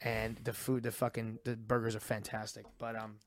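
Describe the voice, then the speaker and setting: A man co-hosting a comedy podcast, talking in casual, profane, excitable chat. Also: fairly low pitch, normal speed, no room sound. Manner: profane, excitable, goofy bits.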